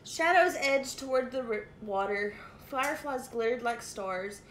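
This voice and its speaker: A woman preschool teacher reading a picture book aloud to young children in an animated, sing-song way, in an echoey room. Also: a little high, unhurried. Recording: echoey room, faint noise.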